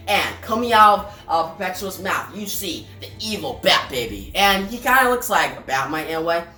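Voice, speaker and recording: A woman's voice: fairly low pitch, sing-song, moderate pace, few pauses, pushed and bright. A woman casually reviewing a comic book, chatty, often repeating words and asking viewers for thoughts. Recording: roomy and distant, faint music.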